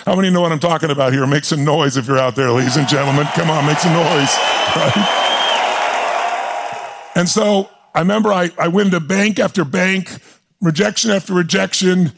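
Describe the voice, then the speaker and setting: A man's voice: on the high side, normal speed, vocal fry, a bit bright, a little hiss or hum. A man in his sixties, a motivational speaker telling a story at a live seminar with passion and intensity, rallying the crowd. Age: 60s. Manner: intense, passionate, rallies the audience.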